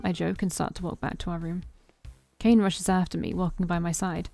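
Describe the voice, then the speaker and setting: A woman's voice: on the low side, steady tone, a little fast, creaky, mellow, soft background music. A woman reading a visual novel aloud as the main character, with wry asides.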